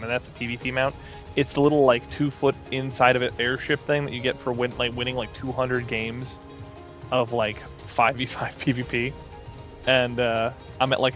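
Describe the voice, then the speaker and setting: A man giving casual, rambling commentary while playing an online game, full of fillers and asides. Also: medium pitch. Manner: rambling, chatty, many fillers. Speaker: gaming video host.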